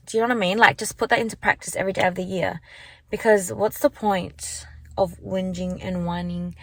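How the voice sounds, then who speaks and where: A woman's voice: medium pitch, steady tone, brisk, fairly bright tone. A young woman vlogging casually into her phone from her car, chatty and rambling, full of likes and restarts. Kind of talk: casual chat to camera. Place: parked car. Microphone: handheld phone.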